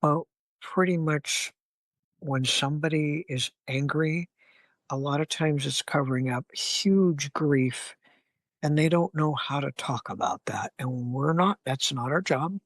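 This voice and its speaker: A man speaking as a therapist guest on an interview podcast, animated and acting out heated scenarios with blunt language. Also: fairly high pitch, unhurried, no room sound. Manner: animated, acts out angry scenarios with profanity. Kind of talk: conversational interview.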